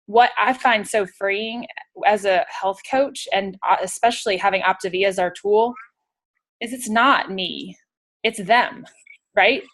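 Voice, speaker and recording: A woman's voice: medium pitch, unhurried, fairly bright tone. A woman health coach and former trainer giving a thoughtful, casual explanation.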